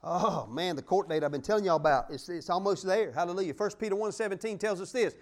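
A man preaching a sermon, exuberant and calling out questions and shouted praises to his congregation. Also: high-pitched, quick pace.

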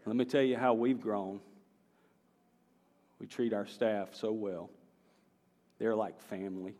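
A man's voice: fairly low pitch, fairly even intonation, slow pace, mellow. A man with a Southern American accent, preaching a sermon from the pulpit in a folksy, conversational way that rises into emphatic bursts. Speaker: pastor. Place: church sanctuary. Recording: reverberant church hall with faint guitar.

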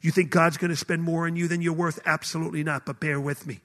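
A man preaching a passionate sermon to a room full of people, swinging between shouted declarations and hushed, intimate lines. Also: fairly high pitch, little pitch movement, quick pace. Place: hall with a live audience.

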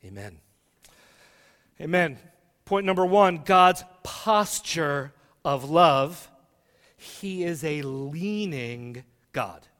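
Slow, high-voiced preacher in a reverberant church. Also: male voice. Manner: dramatic scripture reading, swinging from loud to hushed. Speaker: guest preacher. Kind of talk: sermon. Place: church sanctuary.

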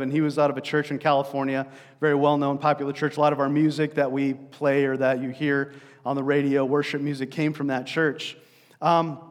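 Storytelling pastor in a reverberant hall. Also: male voice, fairly high pitch. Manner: conversational storytelling preacher, many fillers. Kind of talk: sermon.

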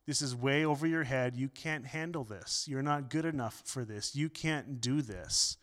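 A man voicing a nagging inner voice of doubt in a low, hushed, discouraging tone. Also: normal speed, natural voice.

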